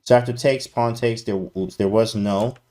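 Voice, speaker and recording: A man's voice: mid-range voice, steady tone, normal speed, dark tone. A man streaming live chess commentary, slangy and hyped, talking straight to his chat.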